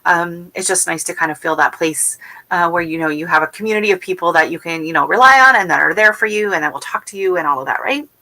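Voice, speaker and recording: A woman hosts a casual gardening livestream from home, answering viewer comments in a rambling way full of fillers and restarts. Her voice is lowish, bright and forceful, and she talks fast.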